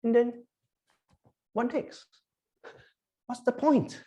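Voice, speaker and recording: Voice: medium pitch, fairly even intonation, very slow, dark tone, slightly rough. A preacher giving a sermon to a congregation, emphatic and repetitive, often asking the listeners questions. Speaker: pastor. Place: church.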